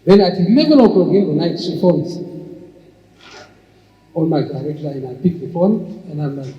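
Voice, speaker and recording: An older entrepreneur and speaker tells long, anecdotal stories to an audience, restarting frequently. His voice is fairly high with lively intonation and a dark tone, at normal speed, recorded muffled in an echoey hall.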